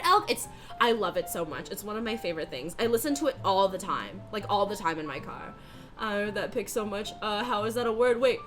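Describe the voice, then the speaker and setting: A woman's voice: mid-range voice, fairly bright tone. A young woman with a Californian accent, chatting casually with her live-stream viewers while she bakes. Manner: chatty, reads out chat names, bubbly. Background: faint music.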